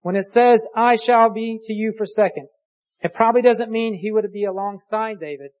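A preacher giving a sermon, reading scripture aloud slowly and deliberately and posing rhetorical questions. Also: medium pitch, darkish tone, lo-fi sound.

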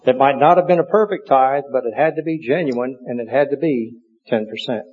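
A man preaching a sermon in a measured, earnest storytelling manner. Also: mid-range voice, husky. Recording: dull lo-fi recording.

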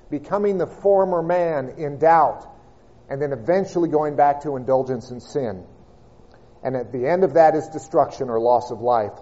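A man preaching a sermon, reading and expounding scripture with measured, emphatic delivery and slowed key words. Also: fairly high pitch, warm tone, dull audio.

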